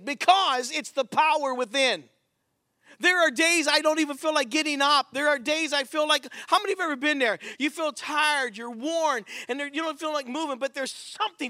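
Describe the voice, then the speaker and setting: Male preacher, high bright voice, fervent sermon delivery, dry close sound. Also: dry recording. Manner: fervent storytelling preacher, swings from shouting to hushed. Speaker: preacher at a men's ministry.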